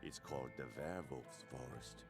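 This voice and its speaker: An actor playing a jovial, worldly old gentleman who tells stories in a measured, genial way in an anime. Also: rumbling low, creaky. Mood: ominous. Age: older. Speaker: anime character. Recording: anime clip with score underneath. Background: background music.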